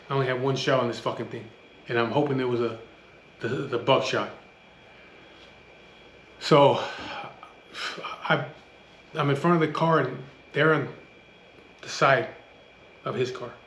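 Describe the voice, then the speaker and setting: A man's voice: mid-range voice, fairly bright tone, roomy sound, slight background noise. A man telling a tense personal story in casual speech, blunt and full of swearing, often restarting his sentences. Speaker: storyteller recounting a street standoff.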